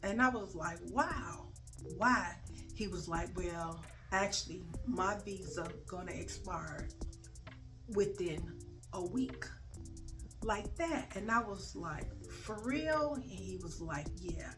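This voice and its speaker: A woman telling a story in a casual vlog, acting out the dialogue with big swings in pitch and loudness, and swearing freely. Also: slow pace. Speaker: storyteller vlogger. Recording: faint music in the background.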